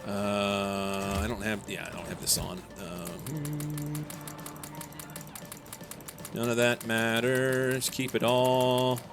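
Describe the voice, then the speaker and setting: Over background game music, a young man chats casually on a live game stream, rambling and reading viewers' messages aloud. His medium-pitched voice stays fairly even, and he draws out his words.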